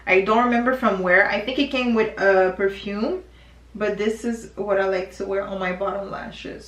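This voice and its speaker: A woman in her twenties tells a dramatic storytime while doing her makeup. Her talk is slangy and chatty, and her voice is bright. She sounds a little distant, in a roomy space with echo. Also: medium pitch. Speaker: beauty vlogger.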